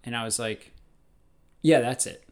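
A man's voice: mid-range voice, a little slow, darkish tone. Male co-host from LA; mid-range voice, chatty, rambling storyteller who restarts sentences. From Los Angeles. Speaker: podcast co-host. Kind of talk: casual storytelling chat.

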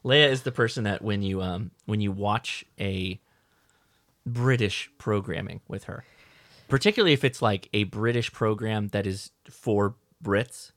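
A man's voice: lowish voice, unhurried, a bit bright, no echo, studio quality. A man hosting a casual podcast, joking around and reading listener mail aloud. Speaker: podcast host. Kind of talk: casual chat.

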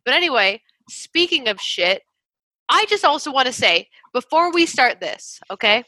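A woman co-hosting a casual comedic chat, animated and swearing as she tells a story in disbelief. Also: sits high, moderate pace, no echo, low-quality recording. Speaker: podcast co-host.

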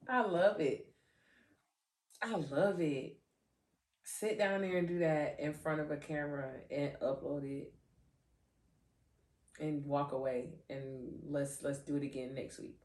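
A woman hosting a faith podcast, animated and giggly, often restarting and repeating her phrases as she trips over words. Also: sits low, takes it slowly, pauses often, distant mic. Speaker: podcast host. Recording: roomy echo, voice off-mic.

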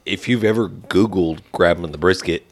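A man's voice: low voice, normal speed, a little hiss or hum. A man co-hosting a casual podcast, joking around and wrapping up the show with laid-back banter. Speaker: podcast co-host.

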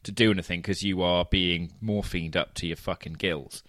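A British man co-hosting a podcast in casual chat, animated, profane and quick to laugh. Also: low-pitched, no room sound, studio quality. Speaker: podcast co-host.

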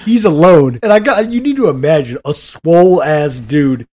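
A man co-hosting a podcast, telling stories with lively, salty energy and plenty of swearing. His voice sits a touch above the usual male range. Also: a little high, moderate pace. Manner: animated, profane storytelling. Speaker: podcast co-host. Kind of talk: casual chat, storytelling.

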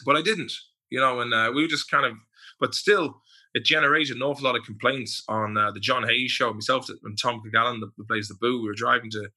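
A man's voice: medium pitch, brisk, bright, forceful tone, breathy edge. An Irish man, a podcast guest, telling stories in casual chat, swearing and acting out quotes. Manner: storytelling, profane, with acted-out quotes.

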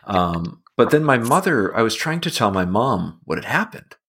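A man tells a funny story on a podcast, swinging his pitch up high to act out what others said. His voice is husky, with lively, wide-ranging intonation. He laughs often as he talks. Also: moderate pace. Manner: animated, acting out quotes in a high voice. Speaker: podcast co-host. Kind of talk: casual storytelling.

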